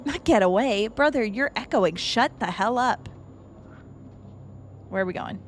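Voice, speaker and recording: Unhurried and animated, a young woman with a slightly high voice offers casual commentary while streaming a horror game. There's a little hiss or hum and faint game music in the background as she swears bluntly and cracks jokes.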